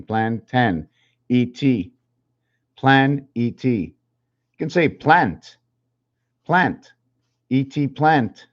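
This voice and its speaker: A man hosting his own channel, musing in a halting way, counting and spelling things aloud while drawing, a little out of breath. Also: mid-range voice. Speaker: channel host. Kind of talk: rambling numerology talk while drawing. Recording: slightly dull lo-fi recording.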